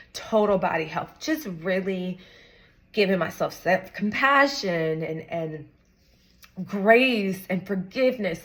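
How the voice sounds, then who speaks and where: A young woman talking earnestly to camera, encouraging viewers with casual slang. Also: on the low side. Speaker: vlogger sharing a personal story. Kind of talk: heartfelt talk to camera.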